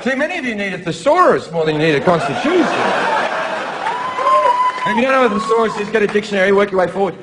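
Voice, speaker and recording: A man's voice: high voice, expressive, fast talker, pauses often, long reverb tail. A man from Australia with an Australian accent, doing a brash, profane, mocking stand-up comedy routine in a theatre. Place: theatre with live audience. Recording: live show, loud crowd noise.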